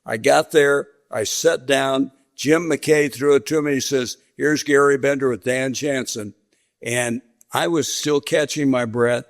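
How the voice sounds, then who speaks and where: An older veteran sportscaster from western Kansas tells stories in a sit-down interview, speaking unhurriedly in a mid-range voice with fairly even intonation. He's a vivid storyteller who acts out the dialogue he quotes.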